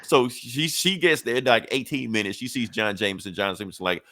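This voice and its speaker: A man's voice: mid-range voice, brisk, few pauses, sharp tone, no room sound, studio quality. A man co-hosting a podcast, retelling a comic episode in a loose, rambling, profane way. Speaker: podcast co-host. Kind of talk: casual comic recap.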